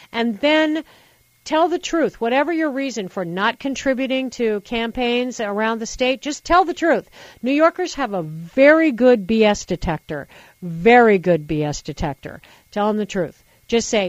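A woman hosting a call-in radio talk show, giving opinionated advice in an animated way and repeating words for emphasis. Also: a little high, normal speed, no echo, dull audio.

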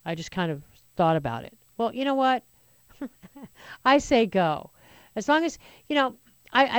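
A woman's voice: medium pitch, dry recording. Indignant talk radio host, woman. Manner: chatty and indignant, with sarcastic asides. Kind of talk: opinionated talk radio monologue.

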